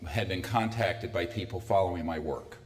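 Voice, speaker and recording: Deep-voiced man in his sixties lecturing. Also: moderate pace. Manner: conversational, dry sardonic asides. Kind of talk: public talk to a live audience. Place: lecture hall. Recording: echoey hall.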